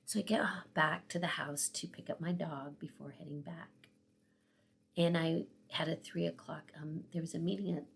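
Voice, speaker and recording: A woman's voice: low voice, little pitch movement, moderate pace, vocal fry, breathy edge. A tearful woman in her sixties telling a personal story in a vlog, emotional and often dropping to a whisper. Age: 60s. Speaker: vlogger.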